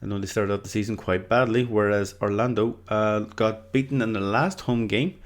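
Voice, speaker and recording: A man's voice: on the low side, normal speed. An Irish man talking through football predictions in a casual, rambling way, full of fillers and false starts. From Ireland. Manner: rambling and hesitant, with many fillers and restarts. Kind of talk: casual solo commentary.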